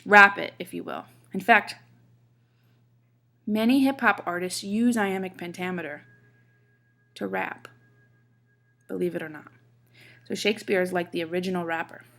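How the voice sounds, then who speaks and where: Woman, teacher, gravelly voice, explains step by step, reads verse with heavy stresses. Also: on the low side, moderate pace, pauses often, bright, forceful tone. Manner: explains step by step, checks in with the class; reads lines aloud with marked stresses. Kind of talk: classroom lecture on poetry.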